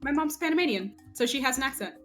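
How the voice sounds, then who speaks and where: Woman, tabletop player, dry humor, self-deprecating, bright voice. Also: sits high, animated, quick pace, soft background music.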